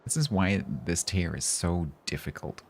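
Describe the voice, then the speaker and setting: A man's voice: low-pitched, animated, moderate pace, a little hiss or hum. A man live-streaming a game, chatting casually and jokingly with his chat.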